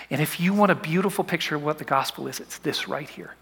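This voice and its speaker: Bright-voiced man preaching in an echoing hall. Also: fairly high pitch, fast talker, vocal fry, breathy edge. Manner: dramatic, swinging from soft whispers to loud urging. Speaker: pastor. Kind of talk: sermon.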